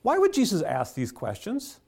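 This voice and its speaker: A man preaching a sermon, telling stories with rhetorical questions and soft chuckles. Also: sits high, wildly swooping pitch, moderate pace, vocal fry, breathy edge. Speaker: pastor.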